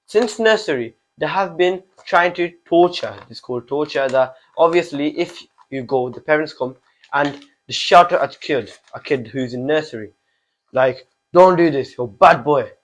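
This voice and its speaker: A man's voice: a little high, normal speed, poor audio. A fifteen-year-old boy hosting his own channel, delivering an impassioned opinion monologue full of repeated rhetorical questions. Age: teens. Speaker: channel host.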